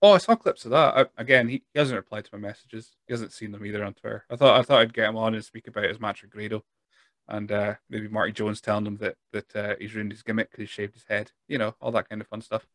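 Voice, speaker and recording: A man's voice: on the low side, steady tone, quick pace, a bit bright, dry recording. Chatty Scottish man hosting a podcast. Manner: chatty, laughs often, trails off and restarts. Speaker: podcast host. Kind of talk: casual chat.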